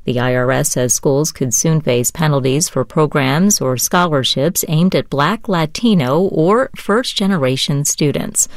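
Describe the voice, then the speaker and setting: A woman newscaster reading hourly radio headlines in a measured, even delivery. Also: deep voice, dry recording, clean studio sound.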